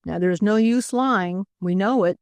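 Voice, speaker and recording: A gruff, bullying male reporter, read by a woman narrator, barks his demands in a slightly lowered, quieter voice. The recording is close and dry, with no room around it. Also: a little slow, no room sound, close to an everyday voice. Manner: blunt, growling, demanding. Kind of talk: audiobook character voice.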